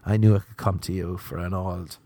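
A man voicing a grumpy, sweary Jesus, in a lower, gruff and irritable tone. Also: fairly even intonation, brisk, mellow, no echo. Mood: exasperated.

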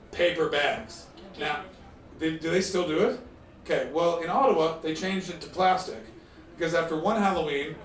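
A man from Canada doing stand-up comedy with crowd work, telling stories in an animated, chatty way. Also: on the high side, slight background noise. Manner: animated, chatty storytelling with frequent laughs. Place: live comedy venue with an audience. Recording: roomy, distant stage sound.

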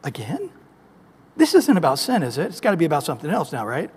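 Patient, long-suffering God, played by a preacher, high-pitched, kindly exasperation, big reverberant room. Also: male voice, big pitch swings, moderate pace, darkish tone, breathy edge, heavily acted. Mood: exasperated. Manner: sighing, exasperated but kindly. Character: God, a patient, weary, forgiving male deity.

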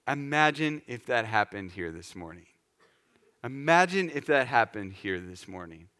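A man preaching a sermon in a lively, conversational way, acting out scenes for the congregation. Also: medium pitch, normal speed. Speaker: pastor.

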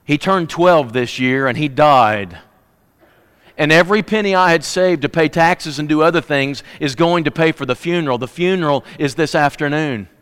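Brief: dignified mourning widow, man voicing her, smooth and steady. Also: a little high, moderate pace, big-room sound, pitched above the performer's own voice, natural voice. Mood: grieving. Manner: firm, grieving.

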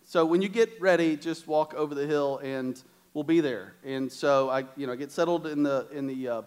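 A man's voice: fairly high pitch, moderate pace, a little mellow, smooth. A man preaching a sermon to a church congregation, telling a funny personal story with quoted asides before he turns to scripture and prayer.

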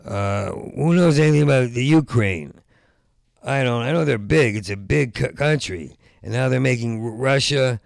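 Gravelly stuttering stand-up comic. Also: male voice, medium pitch, normal speed, no echo, clean studio sound. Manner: rambling, stuttering restarts, rising into loud rants. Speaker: stand-up comedian. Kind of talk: stand-up comedy set.

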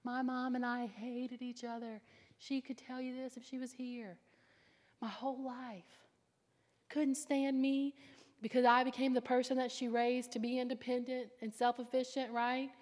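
A woman preaching a sermon with fervor, swinging between loud declarations and hushed whispers. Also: on the high side, flat delivery, normal speed. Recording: long hall reverb.

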